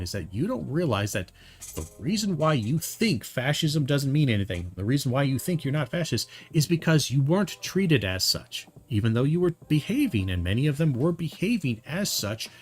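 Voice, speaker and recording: A man giving casual, heated commentary on a video, rambling with many fillers and restarts. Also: mid-range voice.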